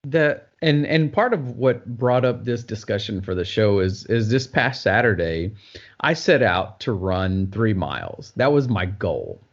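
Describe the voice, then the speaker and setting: A man's voice: on the low side, big pitch swings, measured pace. A man co-hosting a casual podcast, telling a long personal story in a loose, conversational way with plenty of fillers. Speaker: podcast co-host. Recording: dull lo-fi sound.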